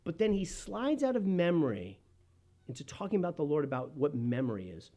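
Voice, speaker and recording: A man delivering a sermon, moving between quick asides and slow, loud, emphatic lines. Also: a little high, big pitch swings. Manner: impassioned preaching with sudden loud and slow emphatic phrases. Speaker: pastor.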